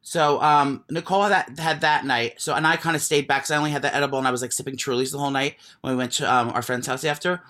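A man's voice: medium pitch, steady tone, fast, hardly any pauses, pushed and bright. A man co-hosting a podcast, telling a story in casual chat, rambling with many restarts and giggles. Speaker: podcast co-host.

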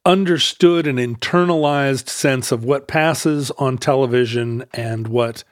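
A man hosting a casual podcast chat, asking curious questions with hesitant pauses and jokes. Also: mid-range voice, dry recording, studio quality. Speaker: podcast host.

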